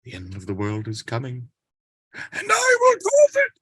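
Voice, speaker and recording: A man's voice: fairly low pitch, unhurried, slightly rough, no echo, heavily acted. A man reading the part of a possessed man who is turning into an alien being, speaking in a strained, eerie way. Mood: anguished. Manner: strained, eerie, flat mechanical delivery. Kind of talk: amateur script reading.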